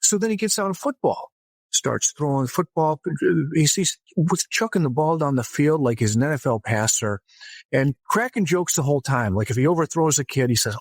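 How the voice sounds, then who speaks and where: A man with a fairly high voice tells a story as an interview guest, lively and casual. He often restarts his sentences as he goes. The recording is dry and close. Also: normal speed, no echo. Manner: animated anecdote-telling with frequent restarts. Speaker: guest author.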